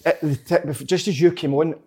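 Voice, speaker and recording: A man's voice: on the high side, fairly even intonation, fairly quick, darkish tone. A Scottish man in podcast banter, effusive and stumbling over his words, calling everyone mate. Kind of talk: casual banter.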